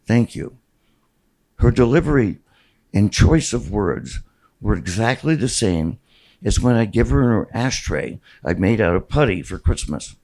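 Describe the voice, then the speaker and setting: A man's voice: on the low side, sing-song, moderate pace, a little mellow, rough recording. A man in his sixties reading from his own memoir aloud at a bookstore event, wry and storytelling. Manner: storytelling, wry, with small restarts. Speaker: author.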